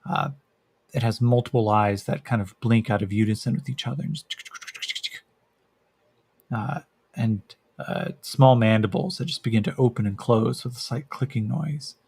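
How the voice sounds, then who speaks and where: A man narrating a solo tabletop role-playing game as game master, describing scenes and rolling dice with frequent pauses and fillers. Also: mid-range voice, vocal fry, a little mellow, breathy edge, no echo. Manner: hesitant, many fillers, descriptive.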